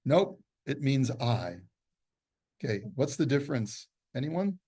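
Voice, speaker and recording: A man at mid pitch leads a classroom lesson on scripture. He explains point by point, reads out Hebrew passages and stops to quiz his listeners. His tone is that of a teacher walking a group through a text. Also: very animated, measured pace, dark tone, husky. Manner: explanatory, quizzes the class, quotes Hebrew texts. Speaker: Torah teacher.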